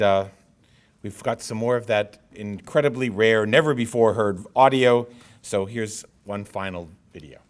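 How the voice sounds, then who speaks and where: A man emceeing a tribute event, introducing videos in an upbeat, slightly halting way. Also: fairly low pitch. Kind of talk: casual announcements.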